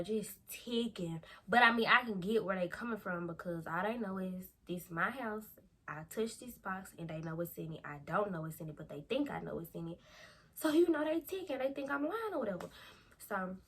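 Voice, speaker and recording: A young woman vlogger telling a storytime in a lively, slangy way, acting out quotes. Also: fairly low pitch. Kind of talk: storytime vlog.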